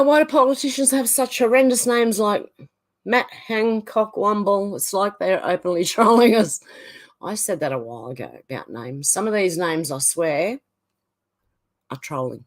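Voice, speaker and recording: Woman, livestream host, lowish voice, reads chat aloud, casual chatty reactions. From Australia. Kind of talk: reading out live chat comments.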